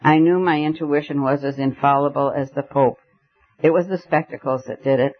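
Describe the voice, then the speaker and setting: A man reading the lines of an excitable young male poet-detective, emphatic and fiery. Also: fairly high pitch, moderate pace, muffled recording, natural voice. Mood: ecstatic.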